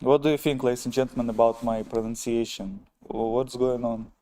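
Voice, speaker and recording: A man with a Russian accent, a native Russian speaker, chatting on his live stream in a wry, self-mocking way and calling his viewers "ladies and gentlemen". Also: medium pitch, fairly even intonation, moderate pace. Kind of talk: casual live-stream chat, reading viewer comments.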